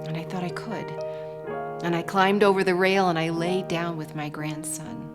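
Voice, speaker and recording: An older woman speaks in a somewhat low voice, giving a devotional talk. She tells personal stories in a reflective, storytelling manner, with faint music playing under her words. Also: fairly even intonation, normal speed.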